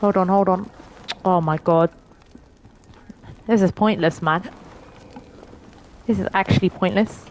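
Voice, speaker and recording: A chatty woman with a London accent streams a game and talks her viewers through it, yelping and swearing at what happens on screen. Her voice sits at a middling pitch for a woman, with a faint hiss of noise underneath. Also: measured pace, long pauses, darkish tone. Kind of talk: live gameplay commentary.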